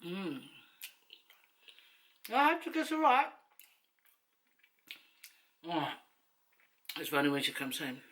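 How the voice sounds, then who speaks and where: A woman's voice: sits low, big pitch swings, moderate pace, pauses often, a bit bright. A middle-aged woman chatting casually in a mukbang vlog, humming and chewing between words. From Samoa. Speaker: vlogger. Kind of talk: casual mukbang chat while eating.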